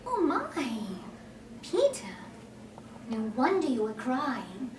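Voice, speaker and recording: A woman voicing a kind, curious young girl with a gentle, wondering manner, heard in a roomy, noisy hall from a distance. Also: high-pitched, wildly swooping pitch, takes it slowly, exaggerated voice.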